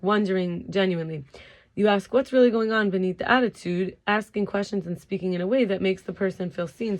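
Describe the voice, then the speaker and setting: Tired speaker giving an informal teaching talk. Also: mid-range voice. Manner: informal, with fillers and restarts. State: tired, yawning. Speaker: self-help teacher.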